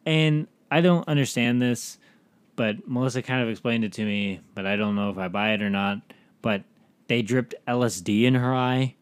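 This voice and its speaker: A man's voice: mid-range voice, normal speed, smooth, no echo. A man co-hosting a casual TV review chat, rambling and acting out characters' lines in quotes. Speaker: podcast co-host reviewing a TV episode.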